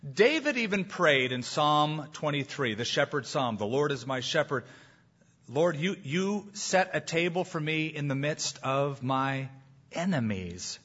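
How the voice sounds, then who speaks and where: A man preaching an animated, emphatic sermon as pastor, with jokes along the way. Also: fairly high pitch, unhurried, breathy edge. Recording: dull lo-fi sound.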